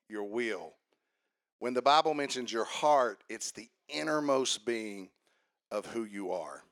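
A man preaching a sermon in a conversational way, often asking the congregation questions, and growing louder and more emphatic as he goes. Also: mid-range voice, no echo, studio quality. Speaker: pastor.

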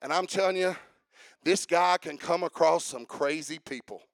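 A male pastor preaching a sermon in a church, emphatic and repetitive, breaking into shouted proclamations. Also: fairly high pitch, normal speed, creaky, no echo.

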